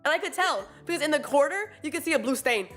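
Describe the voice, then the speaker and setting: A young woman VTuber chatting casually with friends on stream, telling animated stories and acting out quotes with lots of laughter. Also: sits high, quick pace, faint music behind. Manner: animated storytelling, acts out quotes, laughs often.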